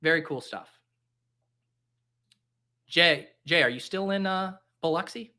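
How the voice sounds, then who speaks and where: A man's voice: fairly high pitch, takes it slowly, sharp tone. A young man hosting a live stream, chatting casually in a jokey, rambling, caffeinated way. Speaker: livestream host. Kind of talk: casual livestream chat.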